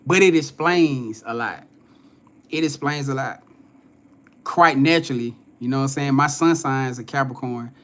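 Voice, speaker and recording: In a casual live-stream chat, a young man running a spiritual reading session speaks at a medium pitch with a fairly bright tone. He keeps it loose and full of slang, calling out viewers by name, cursing frequently and laughing.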